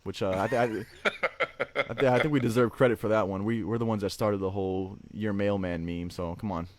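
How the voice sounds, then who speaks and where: A man's voice: fairly low pitch, normal speed, no room sound. A man hosting a casual livestream, rambling and joking, often tacking "man" onto his sentences and laughing. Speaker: livestream host.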